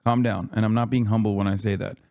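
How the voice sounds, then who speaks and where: A man's voice: lowish voice, level tone, quick pace, gravelly, a little mellow, dry recording, studio quality. Profane, exasperated man ranting at chat. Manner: profane, exasperated, talks straight to chat with repeated "okay?"; whisper-screams to keep from waking a neighbor. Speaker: streamer reacting to a speech. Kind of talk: heated live-stream rant to chat.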